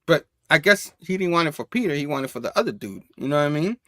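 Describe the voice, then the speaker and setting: A man's voice: on the high side, animated, fast talker, sharp tone, no echo, clean studio sound. A man casually reviewing a comic book, reading the panel dialogue aloud in a loose, chatty way with frequent laughs.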